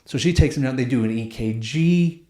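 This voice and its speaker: In a mid-range, dark-toned voice, a man hosting a podcast talks briskly through casual stories. He uses lots of slang, swears, and keeps saying "dude," with the room's echo audible throughout.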